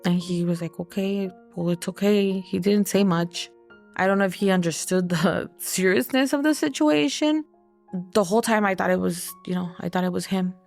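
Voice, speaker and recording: A young adult woman telling her own life story in a halting, hesitant way, full of fillers. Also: fairly low pitch, creaky, faint music behind. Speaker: podcast guest sharing her story. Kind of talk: personal testimony.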